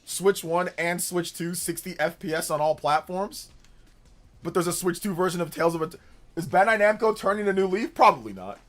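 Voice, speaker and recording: A man's voice: high-pitched, normal speed. Rambling young man streaming live. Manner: rambling and animated, with filler words and restarts. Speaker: streamer host. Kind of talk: casual livestream chat reading viewer comments.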